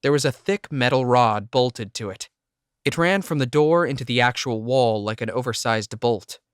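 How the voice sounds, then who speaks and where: A man reading a first-person audiobook narration in a steady, measured way. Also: medium pitch, clear, resonant tone, no room sound, studio quality.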